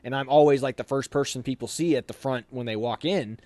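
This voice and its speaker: Brief: young adult man, officer candidate, animated storyteller, dry close sound, middle pitch. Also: brisk, dry recording. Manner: animated, acts out quoted voices. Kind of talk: casual storytelling.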